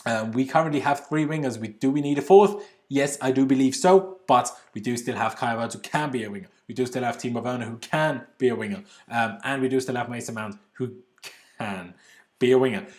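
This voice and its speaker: A man's voice: mid-range voice, fast, darkish tone. A man with an Austrian accent hosting a casual football livestream from home, chatting loosely with British slang and answering viewer comments. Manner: casual British slang, says "bloody" often. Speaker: football channel host.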